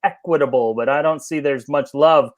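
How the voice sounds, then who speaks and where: Teasing co-host man, slightly high voice. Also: moderate pace. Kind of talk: casual live-stream chat. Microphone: video call.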